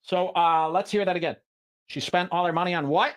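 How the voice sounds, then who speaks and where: A man hosting a podcast, giving sarcastic, mocking commentary over clips he plays and telling animated stories. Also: high voice, fairly quick. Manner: sarcastic, mimicking, animated storytelling. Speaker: podcast host.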